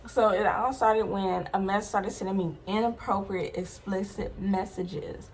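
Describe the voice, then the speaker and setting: Speaking at a measured pace with fairly even intonation, a young adult woman vlogger tells a personal story in casual, slangy, emphatic style, often turning aside to address her viewers. Her voice is mid-range, and there's slight background noise.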